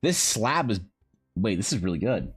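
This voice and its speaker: A man streaming live while drawing, chatting casually in a rambling, joking way with animated asides. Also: lowish voice, normal speed, husky, soft background music. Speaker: streamer and game master. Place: home streaming setup.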